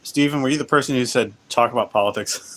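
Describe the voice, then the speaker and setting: A man's voice: mid-range voice, a bit bright. A man hosting a casual livestream while playing a game, rambling and restarting sentences as he chats with viewers. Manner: rambling, self-interrupting, laughs often. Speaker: livestream host.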